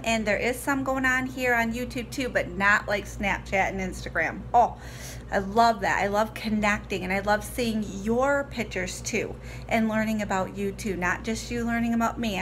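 A woman's voice: a little high, fairly bright tone, slight background noise. A woman in her forties chatting to her viewers in a bubbly, giggly vlog style. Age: 40s. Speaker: vlogger. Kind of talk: casual vlog chat to viewers.

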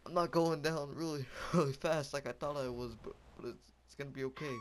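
Brisk and steady, with few pauses, a young man on the higher side of pitch narrates his game play. His casual commentary is goofy and rambling, dotted with yelps and laughter.

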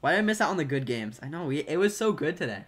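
A man's voice: on the high side, sing-song, quick pace, a bit bright. A young man streaming live, chatting casually and reacting playfully to viewer drawings.

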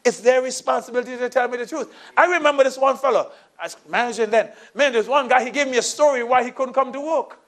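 A middle-aged man preaching from the pulpit, his voice sitting high for a man. He tells his story in a sermon, dropping into soft asides and then rising into emphatic lines. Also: quick pace. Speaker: pastor.

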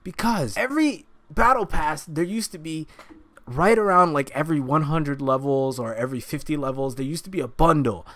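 A man with a slightly high, somewhat bright voice speaks at a moderate pace. Streaming from his gaming computer, he delivers heated commentary, ranting angrily and swearing often.

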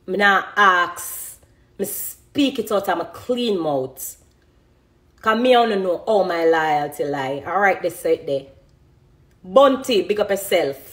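A middle-aged woman with a Jamaican accent, talking passionately and emphatically in an interview about her music. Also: on the low side. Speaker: dancehall artist. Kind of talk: emotional interview talk.

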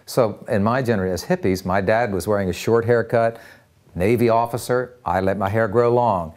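A man's voice: lowish voice, moderate pace, a little mellow. An older man from the United States, telling stories earnestly in an interview and acting out the voices of people he quotes. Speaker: interview guest. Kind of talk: storytelling interview.

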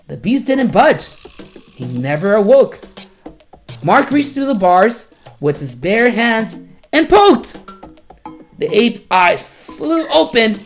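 A woman hosting a children's show, reading a storybook aloud in an expressive, dramatic way. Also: fairly high pitch, unhurried, soft background music.

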